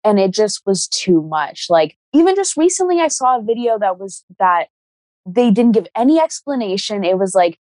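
A young woman guest on a podcast, talking about crystals in a relaxed, rambling way with many fillers and restarts. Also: medium pitch, normal speed, dry recording. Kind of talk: casual podcast conversation.

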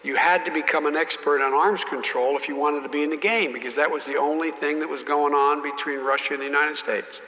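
A man's voice: fairly high pitch, steady tone, fairly quick, hardly any pauses, bright, forceful tone, in a large hall. An older man telling stories as an interview guest, with frequent restarts and repeated words. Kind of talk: storytelling in an interview.

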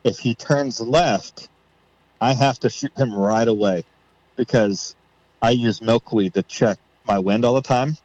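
A man on a podcast, telling a story in a casual way and acting out his own thoughts with rising excitement. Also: medium pitch, measured pace, no echo, dull audio. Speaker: podcast guest.

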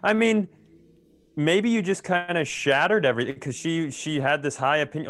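A man's voice: mid-range voice, moderate pace, a bit bright. A man co-hosting a podcast in casual chat, teasing his partner and hesitating with fillers. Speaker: podcast co-host.

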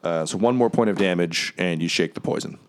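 A man's voice: low voice, brisk. A man narrating as game master in a loose, rambling way, full of fillers.

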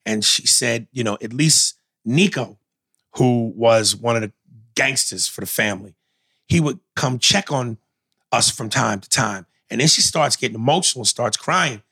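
Male co-host, bright, forceful voice, excitable and profane in casual recap chat. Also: medium pitch, moderate pace, husky. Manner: animated, profane storytelling with loud outbursts.

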